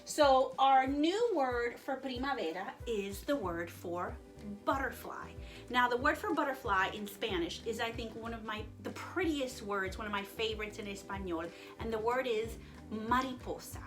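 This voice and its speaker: A woman's voice: fairly high pitch, lively intonation, normal speed, music in the background. A woman teaching Spanish to young children in a friendly online lesson, playful and chatty, joking and mixing Spanish words into her English.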